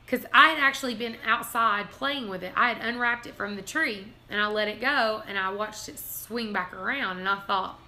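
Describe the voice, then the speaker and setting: A woman hosts a casual livestream, telling family stories and giggling often as she laughs through them. Her voice is on the high side, pushed and bright, at a normal speed.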